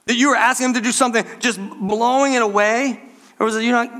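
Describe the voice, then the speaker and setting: Guy preaching a sermon, kinda high voice, keeps calling out to the church, emphatic. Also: fairly even intonation, fast, fairly bright tone. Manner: emphatic, repeatedly addresses the congregation. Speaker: pastor.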